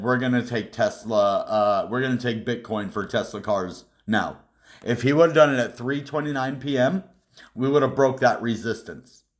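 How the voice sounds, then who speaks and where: Irritated man ranting about markets. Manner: irritated, mimics panicky traders in high whiny bursts. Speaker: crypto vlogger. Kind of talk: casual ranting commentary.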